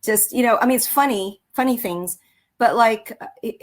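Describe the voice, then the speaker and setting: A woman's voice: mid-range voice, moderate pace. A woman military veteran and author telling her story in a casual interview, rambling with many fillers and restarts.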